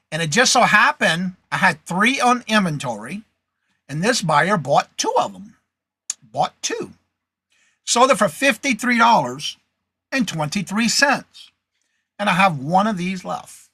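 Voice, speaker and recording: A man's voice: high-pitched, sing-song, normal speed, pushed and bright, breathy edge, no echo. A man hosting a casual live reseller show, chatting, reading viewer comments aloud and greeting viewers by name. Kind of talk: casual live-stream chat.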